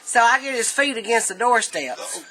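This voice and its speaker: A woman's voice: fairly high pitch, lively intonation, moderate pace, sharp tone, rough recording. A middle-aged woman telling a family story casually, laughing often.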